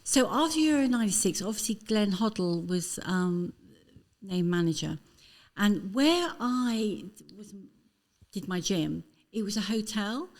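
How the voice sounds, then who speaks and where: A woman guest on a podcast, chatting casually and telling lively, animated stories, with apologetic asides. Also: mid-range voice, unhurried. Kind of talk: casual anecdotal interview chat.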